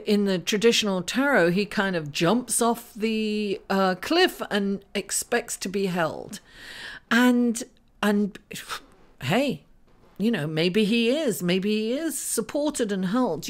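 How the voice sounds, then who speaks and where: Woman, tarot forecast to camera, chatty, rambling, lots of fillers. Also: on the high side. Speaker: astrologer giving tarot readings. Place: indoors in front of a green screen.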